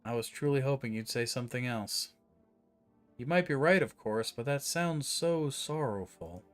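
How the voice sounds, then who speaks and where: A man voicing a gloomy, philosophical tall man in a game, speaking slowly and mournfully. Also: animated, soft background music, natural voice. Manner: slow, low and mournful. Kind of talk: reading game dialogue aloud in voices.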